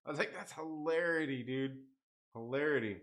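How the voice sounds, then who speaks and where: Young guy on a live stream, bright tense voice, kinda high, rambles and cusses and laughs a lot. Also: normal speed. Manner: rambling, swears a lot, laughs often, reads chat aloud. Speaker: host of a live comics stream. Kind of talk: casual live-stream chat.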